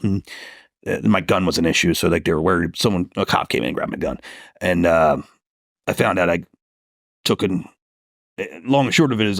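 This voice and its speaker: A gravelly-voiced man, a police detective, tells his story in an interview with salty language and animated quoted lines. The sound is dry and close, with no room around it. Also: on the low side, fairly quick, no room sound.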